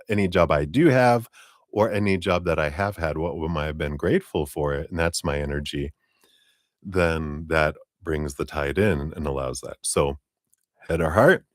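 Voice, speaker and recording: Brief: middle-aged male tarot reader, deep dry voice, loose rambling delivery. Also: dry recording. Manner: rambling, with tag questions and chuckles. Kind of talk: live-stream tarot reading.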